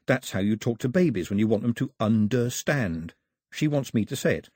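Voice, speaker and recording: A man's voice: medium pitch, lively intonation, moderate pace, darkish tone, breathy edge, no echo, clean studio sound. A man voicing a curious, wry island boy. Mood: puzzled musing.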